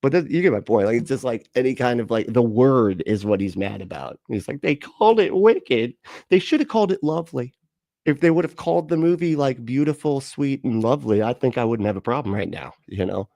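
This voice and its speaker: A man's voice: mid-range voice, animated, fairly quick, few pauses, dark tone, dry recording, studio quality. A man hosting a casual livestream, reading out chat comments with sarcastic, profane remarks and frequent laughter. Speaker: livestream host.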